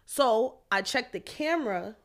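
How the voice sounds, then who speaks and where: A woman's voice: fairly high pitch, unhurried. A woman co-hosting a podcast, casually telling a story with lots of swearing and quoted texts. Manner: animated, swearing, quotes her own texts. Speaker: podcast co-host.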